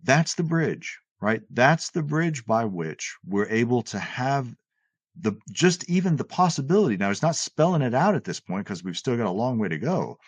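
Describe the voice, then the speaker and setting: A man discussing philosophy in casual conversation, animated and often restarting his words as he paraphrases an author. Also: mid-range voice, normal speed, breathy edge, no room sound. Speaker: podcast co-host.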